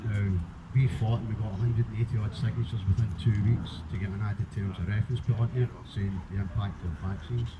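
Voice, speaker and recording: A man giving an impassioned speech at a public rally, emotional and forceful, swearing now and then. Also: lowish voice, steady tone, a little fast, few pauses. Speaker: rally speaker. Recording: muffled, with background noise.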